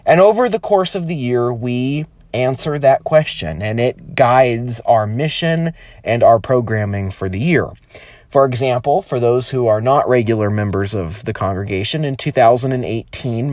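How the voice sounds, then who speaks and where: A man who is a pastor gives an informal, earnest sermon into his phone from home, welcoming and measured, slowing down to stress key phrases. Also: mid-range voice, a little mellow, no echo, clean studio sound. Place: at home, not in the sanctuary.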